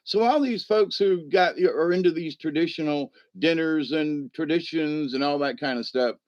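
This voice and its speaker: A man's voice: fairly high pitch, normal speed, a little mellow, no room sound, dull audio. A man hosting a casual livestream, rambling through stories, laughing often and answering the chat. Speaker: livestream host.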